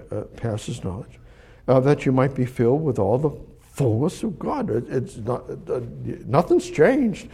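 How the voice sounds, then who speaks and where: Husky-voiced man preaching, talks to God. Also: mid-range voice, dark tone. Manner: talks directly to God in rhetorical questions. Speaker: pastor. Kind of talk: sermon with Bible reading. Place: church service.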